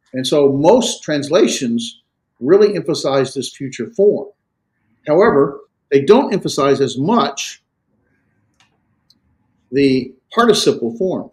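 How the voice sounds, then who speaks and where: A man teaching a Greek class, explaining grammar in a halting lecture with many fillers and restarts. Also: mid-range voice, darkish tone. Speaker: Greek instructor.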